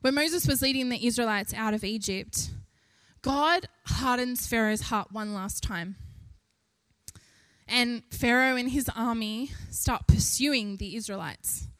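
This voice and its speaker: High-voiced woman preaching a sermon. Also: a little slow, no echo. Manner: animated, rising with emphasis, laughs between points.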